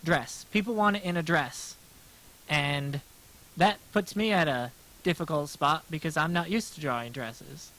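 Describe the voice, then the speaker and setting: A man's voice: a little high, unhurried, pushed and bright, low-quality recording. A man chatting casually on a livestream while he sketches, rambling and poking fun at himself, with many restarts. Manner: rambling, self-deprecating, lots of restarts. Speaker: streamer and artist.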